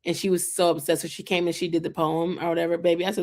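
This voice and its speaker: A young adult woman from the United States who hosts a vlog and chats casually to her viewers. She is animated and fills her talk with "like" and "um" and asides of "child". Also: lowish voice, brisk, hardly any pauses. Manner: chatty and animated, with lots of "like" and "um" fillers and asides of "child". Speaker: vlog host reviewing a reality show. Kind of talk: casual chat to camera.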